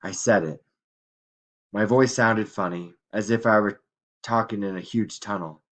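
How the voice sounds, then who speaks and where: A man narrating a story in the first person, quiet and reflective, reading as an audiobook. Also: fairly low pitch, fairly even intonation, a little slow.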